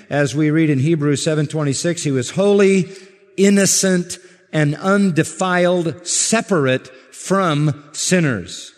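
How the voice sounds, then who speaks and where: A man preaching a sermon to a congregation, measured and emphatic, stressing words slowly. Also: a little high, in a large hall. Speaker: pastor.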